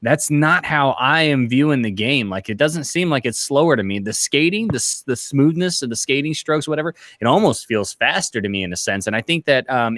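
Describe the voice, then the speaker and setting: A man talking loosely with friends on a gaming podcast, drifting through his points with lots of "um" and "you know". His voice sits at a middling pitch. The sound is dry and close, with no room around it. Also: dry recording. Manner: rambling, relaxed, many fillers. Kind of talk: casual group chat.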